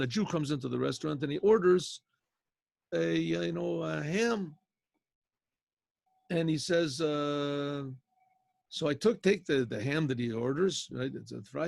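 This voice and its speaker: Teaching a relaxed Torah class over a video call, this older rabbi speaks in a slightly high voice with vocal fry. His story includes quoted voices and Hebrew terms, captured in a dry recording.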